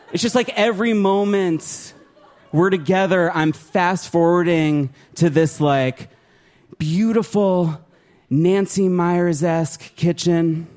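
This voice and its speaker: A man doing a stand-up comedy set on a club stage, with an animated, profane, self-mocking delivery. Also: high-pitched, slow pace, a faint crowd. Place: comedy club stage before a laughing audience.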